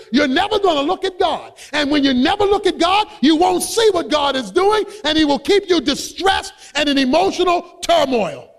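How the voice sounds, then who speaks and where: A man preaching a sermon as a pastor, emphatic and rising to shouts on key points. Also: extremely high pitch, in a large hall. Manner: acts out quoted voices in his own voice.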